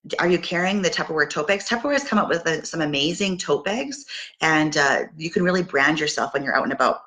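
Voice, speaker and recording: A middle-aged woman from Canada coaching her sales team in an upbeat, casual talk. Her voice sits low but sounds bright and forceful. She stops and restarts often and fills pauses with ums. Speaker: direct sales team leader.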